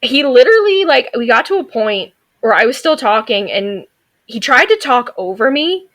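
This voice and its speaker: A woman's voice: on the high side, big pitch swings, moderate pace, fairly bright tone. A woman in her thirties, a veterinary technician, telling stories as a guest on a casual podcast in a sassy, outspoken way. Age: 30s. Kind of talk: casual interview chat.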